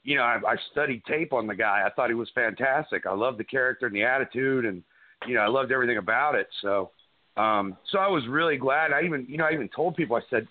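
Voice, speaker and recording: A man's voice: medium pitch, fast talker. A middle-aged man, a wrestler guest, telling stories in a rambling way with many restarts and fillers. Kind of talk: casual interview chat. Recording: tinny phone-like line.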